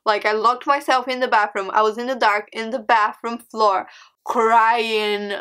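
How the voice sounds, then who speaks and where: A young vlogger whose first language is Portuguese tells a dramatic storytime, laughing and exclaiming often. Her voice is a little high, smooth and sharp in tone, steady, and a little slow.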